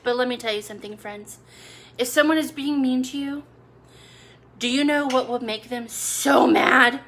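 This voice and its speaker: A woman's voice: sits high, moderate pace, fairly bright tone, a little hiss or hum. A young adult woman hosting a cooking video, chatting casually to her viewers with playful asides. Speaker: cooking channel host. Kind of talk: casual live video chat.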